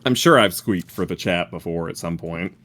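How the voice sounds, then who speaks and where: A man's voice: sits low, normal speed, fairly bright tone. A young man streaming a game, chatting casually in a playful, giggly, self-mocking way.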